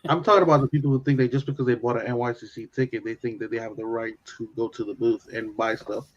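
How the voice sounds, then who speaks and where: A man speaking as a guest on a casual livestream, rapid and opinionated. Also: mid-range voice, steady tone. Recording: dull lo-fi audio.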